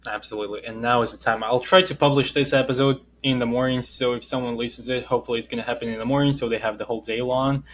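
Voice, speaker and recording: Male podcast host, Russian accent, mid-pitched, chatty interviewer. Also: fairly even intonation, racing, few pauses, a little hiss or hum. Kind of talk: casual interview talk.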